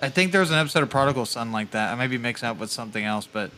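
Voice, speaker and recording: A man's voice: medium pitch, expressive, rapid-fire, bright, forceful tone, slight background noise. A young man co-hosting a podcast, cracking crude, profane jokes in casual banter. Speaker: podcast co-host.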